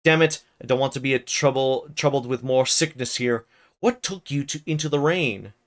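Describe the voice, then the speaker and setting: A man voicing a gruff, harsh young master of the house who asks blunt, demanding questions, read aloud from a novel on a livestream. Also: medium pitch, moderate pace, a bit bright, lightly acted. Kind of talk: dramatic novel reading on a livestream.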